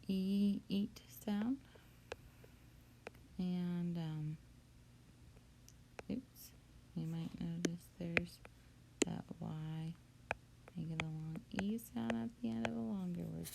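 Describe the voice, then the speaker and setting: Lady teacher sounding out syllables, kinda gravelly, mellow and dark, faint hiss behind. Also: on the low side. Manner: steady, patient, counting out syllables. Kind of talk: spelling lesson.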